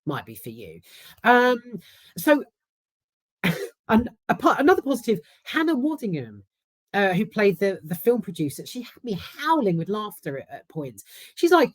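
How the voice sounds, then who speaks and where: A woman's voice: medium pitch, big pitch swings, normal speed, dry recording. A woman with a London accent, casually giving a candid, swear-filled film review. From South London. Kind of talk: casual chat.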